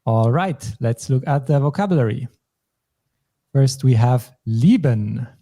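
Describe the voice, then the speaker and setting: A man's voice: mid-range voice, expressive, measured pace, dark tone. A man from German-speaking Europe hosting a language lesson, patiently explaining phrases and vocabulary step by step. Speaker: language teacher.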